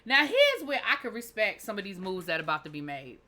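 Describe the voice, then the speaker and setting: A woman's voice: medium pitch, huge pitch swings, a little fast, pushed and bright. A woman recapping a TV episode in a chatty, sassy way, full of asides. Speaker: TV show reviewer.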